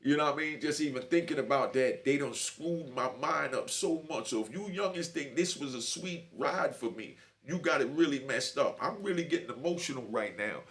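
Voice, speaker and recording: A man's voice: mid-range voice, lively intonation, moderate pace, hardly any pauses, a bit bright. A middle-aged man telling his own story to camera in a streetwise way, often asking "you know what I mean". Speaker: host.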